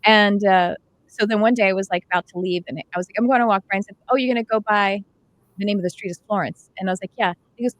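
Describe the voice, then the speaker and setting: A middle-aged woman chatting as host, with a mid-range voice and a dry, close sound. She spins lively anecdotes, acting out everyone's lines. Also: medium pitch, quick pace, no room sound. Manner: animated storytelling with quoted dialogue and laughs. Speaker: host, intuitive development teacher. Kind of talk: casual chat.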